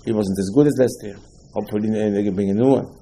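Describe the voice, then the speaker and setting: A man with giving an informal Torah lecture, rising to emphatic questions and dropping low again. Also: rapid-fire, warm tone, poor audio. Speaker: rabbi giving a talk.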